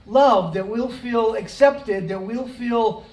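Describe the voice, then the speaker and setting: A pastor giving a conversational, story-driven sermon with dramatic pauses. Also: mid-range voice, a little mellow. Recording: roomy hall, mic at a distance.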